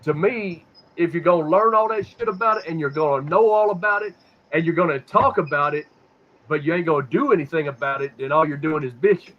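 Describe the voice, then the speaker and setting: A man's voice: a little high, a little fast. A man holds forth on a podcast in a slightly raised voice, cursing freely and circling back over his own words. The sound is dull and lo-fi. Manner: profane, rambling, repeats words when stuck. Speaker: podcast host. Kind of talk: casual conspiracy talk.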